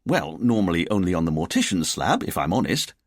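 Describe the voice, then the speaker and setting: A stiff, buttoned-up police chief who trips over his words when embarrassed, voiced by a male narrator. Low, husky and dry, with a lively swing in pitch. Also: fairly quick, no echo. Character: stiff, formal, easily flustered British police chief.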